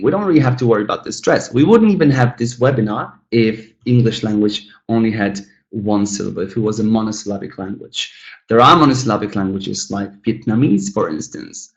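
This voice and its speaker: In a webinar lesson, a mid-voiced man works slowly and carefully through English examples, repeating every word twice and addressing the learners as "guys." The audio is dull and echoey.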